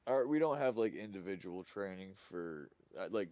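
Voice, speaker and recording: Low voiced dude gaming with his buddy, chill, swears casually. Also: expressive, normal speed, warm tone, no room sound, highs cut off. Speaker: co-player.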